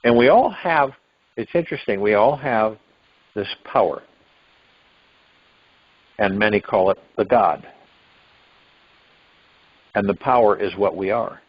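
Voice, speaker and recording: Husky and fairly low-pitched, a man hosting a spiritual meditation call speaks at a measured pace and pauses often. He muses in a rambling manner, sometimes abruptly acting out what people might say, and the phone-line audio is dull and lo-fi.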